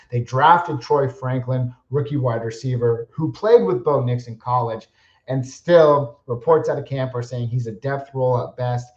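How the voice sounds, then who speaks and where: A man hosting his own podcast, giving opinionated, casual football analysis and often correcting himself. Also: medium pitch. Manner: casual, opinionated, self-correcting with small laughs. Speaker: podcast host. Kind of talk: solo fantasy football analysis. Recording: echoey room, dull lo-fi sound.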